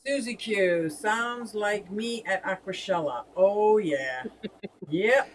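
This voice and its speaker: A woman's voice: medium pitch, takes it slowly, far from the mic, slight background noise, rough recording. A woman co-hosting a casual fish hobby live stream, chatting and laughing as she reads out viewer comments.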